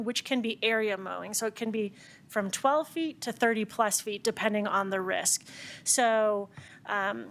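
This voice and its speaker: A woman from the city staff giving clear, methodical answers to council questions at a meeting. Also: a little high, fairly bright tone. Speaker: city open space staff member. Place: council chamber.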